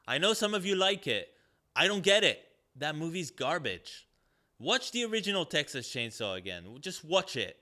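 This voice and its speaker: Guy ranting on a movie podcast, bright punchy voice, sarcastic and sweary, lots of likes. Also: medium pitch, very animated, normal speed. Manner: sarcastic, profane, rambling with many fillers. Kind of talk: ranting casual review.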